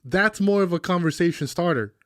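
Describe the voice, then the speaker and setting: Fast-talking man, casual podcast banter. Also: sits high, animated, a bit bright, dry recording, clean studio sound. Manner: swears freely, acts out quotes, laughs often. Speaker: podcast co-host. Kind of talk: casual chat.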